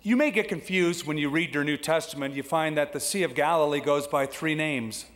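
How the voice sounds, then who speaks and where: A man preaching a sermon as pastor, lively and conversational, acting out the voices he quotes. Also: a little fast. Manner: animated, acts out quoted voices with big pitch jumps. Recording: long hall reverb.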